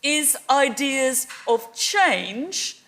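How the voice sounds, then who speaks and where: A woman's voice: high-pitched, sing-song, drawn-out words, fairly bright tone. Middle-aged woman arguing a debate point. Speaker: debate speaker. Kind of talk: persuasive debate speech.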